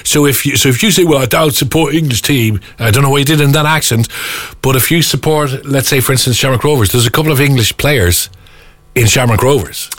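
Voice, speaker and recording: A man with an Irish accent hosting a radio phone-in, chatty and quick to agree and tease callers. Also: mid-range voice, a bit bright, no room sound. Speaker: radio show host. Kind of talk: casual radio phone-in chat.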